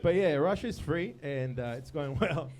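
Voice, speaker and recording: A man's voice: on the high side, animated, moderate pace, a little mellow. A man rambling through an improvised comic debate, laughing and making crude jokes. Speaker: comedy debater.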